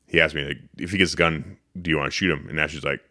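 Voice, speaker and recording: Deep-voiced man telling a hunting story. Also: very fast. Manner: animated, profane, acts out his own quotes. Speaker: podcast host. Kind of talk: casual storytelling.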